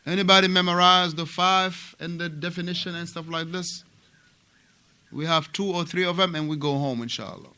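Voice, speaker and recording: Animated African man teaching a mosque class. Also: high-pitched, normal speed, clear, resonant tone. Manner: animated, repeats words and asks students questions. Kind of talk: religious class lecture.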